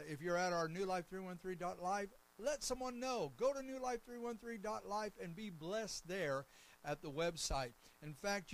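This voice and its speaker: A preacher with a high, light voice delivers his sermon. He moves from easy talk to loud, emphatic declarations. A man with a fervent pulpit delivery. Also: a little hiss or hum, poor audio. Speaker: pastor.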